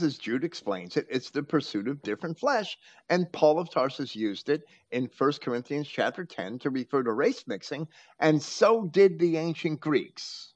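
A man hosting a talk, teaching from scripture with emphatic quoting. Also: on the high side. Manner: preachy, quotes scripture with emphasis. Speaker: host.

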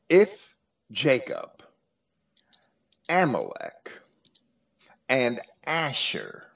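Man, scripture study host, very slow deliberate delivery, hesitant restarts, muffled lo-fi sound. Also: mid-range voice. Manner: deliberate, explanatory, with frequent hesitations. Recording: muffled lo-fi recording.

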